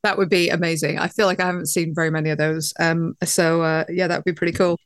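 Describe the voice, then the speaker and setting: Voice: medium pitch, level tone, fast, fairly bright tone, clear, resonant tone, no room sound, studio quality. An interviewer asking questions and affirming answers, hedging with fillers.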